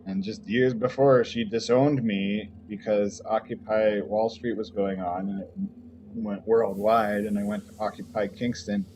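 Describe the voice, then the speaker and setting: A young man streaming a game tells a wandering story about his life, cursing and using lots of fillers. His lowish voice is flat, unhurried, and a little mellow, captured on a dull lo-fi mic with slight background noise and faint game music.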